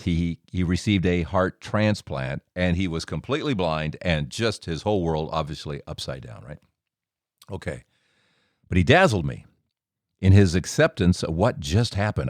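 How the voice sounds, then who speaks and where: A middle-aged man hosting a show, telling a personal story in an animated way and acting out the dialogue. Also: dry recording, clean studio sound. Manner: animated, acts out dialogue with big pitch jumps. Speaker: podcast host. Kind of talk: storytelling monologue.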